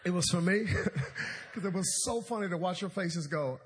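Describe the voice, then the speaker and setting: Animated high-voiced male preacher. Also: normal speed, background noise. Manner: animated, comedic storytelling with call-and-response. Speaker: pastor. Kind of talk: sermon. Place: church auditorium.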